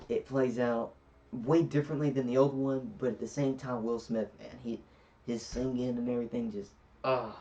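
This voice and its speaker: A man's voice: medium pitch, a little mellow. A man giving a casual film review, retelling scenes in a rambling way with many fillers. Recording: distant, dull lo-fi recording.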